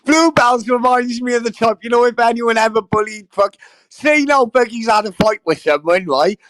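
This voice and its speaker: A man's voice: extremely high pitch, moderate pace, a bit bright, a little hiss or hum. A man hosting a casual livestream, talking straight to his chat in a sweary, effusive, rambling way. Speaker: livestream host.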